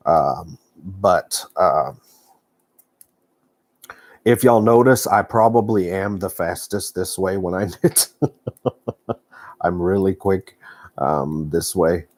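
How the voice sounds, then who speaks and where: Texan man, folksy rambling live-stream host, lowish pitch, dry close sound. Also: slow, long pauses, a little mellow, no room sound. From Texas. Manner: rambling, folksy, many fillers and restarts. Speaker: knitting vlogger. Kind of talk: casual live-stream chat. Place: home living room.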